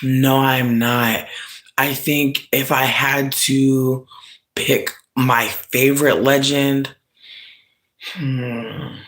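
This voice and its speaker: A man's voice: medium pitch, steady tone, very slow, a bit bright. A young man who is sick, hosting a casual livestream chat in a sassy, joking, slang-heavy way. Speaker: livestream host.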